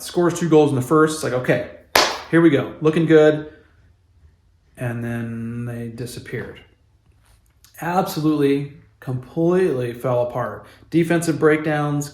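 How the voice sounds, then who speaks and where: A man's voice: medium pitch, echoey room. A man giving passionate, exasperated commentary on his hockey team in a casual vlog. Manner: passionate, exasperated, fan ranting. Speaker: hockey vlogger. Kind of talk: opinionated sports commentary vlog.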